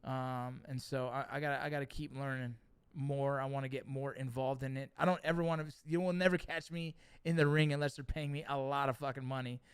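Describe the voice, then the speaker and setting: A middle-aged man hosting a livestream, reading chat and telling stories in a casual, profane, animated way. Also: medium pitch, brisk, smooth, dry recording.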